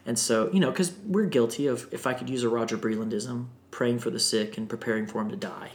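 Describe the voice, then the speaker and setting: Animated man telling a story. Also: mid-range voice, brisk, a little hiss or hum. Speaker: guest singer. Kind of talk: podcast storytelling. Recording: roomy echo.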